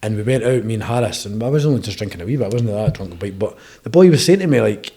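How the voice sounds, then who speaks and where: A man's voice: fairly low pitch, mellow. A young Scottish man chatting as a podcast guest, telling rambling stories and tagging his sentences with "eh?". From Scotland. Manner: rapid, rambling storytelling with frequent "eh?" tags. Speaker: podcast guest, bare knuckle boxer. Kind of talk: casual interview chat.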